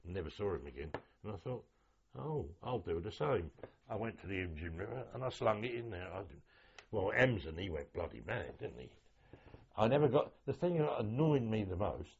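An older man from London, a veteran telling war stories in an oral history interview, lively and acting out the voices in his anecdotes. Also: lowish voice, vocal fry, slightly rough, muffled recording.

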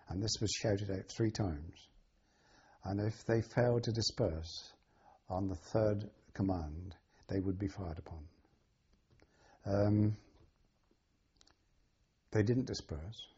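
An older man speaks in a deeply husky, somewhat low voice. He is interviewed about his memories and pauses often, filling gaps with ums and restarts. The recording sounds dull and lo-fi. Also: mellow. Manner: halting, with many ums and restarts. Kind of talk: oral history recollection.

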